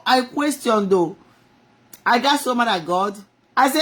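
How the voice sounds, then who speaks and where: A woman's voice: on the high side, animated, slow pace, long pauses. A middle-aged woman, giving an impassioned inspirational talk on a live stream, speaking straight to God and to her audience. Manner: impassioned, swinging between soft and loud; rhetorical, talks to God and the audience.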